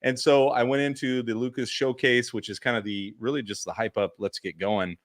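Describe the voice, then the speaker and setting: A man co-hosting a podcast, chatting casually and telling convention stories, acting out what people said with big jumps in his voice. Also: brisk. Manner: animated storyteller, acts out quotes with big pitch jumps. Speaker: podcast co-host. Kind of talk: casual chat recap.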